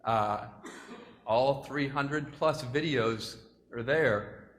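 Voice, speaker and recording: A man addresses a school assembly in a large hall with an audience, giving a casual, joking motivational talk that is chatty, self-deprecating and at times choked up. His mid-range voice is very slow and a bit bright, with long hall reverb and faint room noise.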